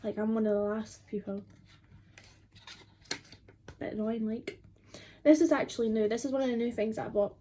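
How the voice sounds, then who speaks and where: A woman's voice: fairly high pitch, fairly even intonation, normal speed, long pauses, warm tone, slight background noise. A twenty-year-old woman, chatting casually and rambling with lots of fillers while doing her makeup at home. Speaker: beauty vlogger.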